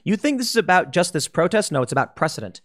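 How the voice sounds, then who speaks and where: A man's voice: sits high, sing-song, fast talker. A man giving an emphatic opinion commentary, warning listeners and sketching scenarios. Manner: emphatic, warning, speculative, with restarts. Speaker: political commentator.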